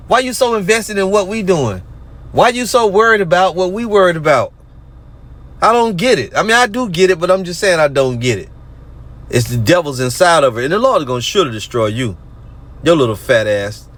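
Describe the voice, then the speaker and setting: A brisk, sing-song male voice, pitched high with a fairly bright tone, delivers a casual rant about a religious group. Mocking remarks alternate with verses he reads aloud.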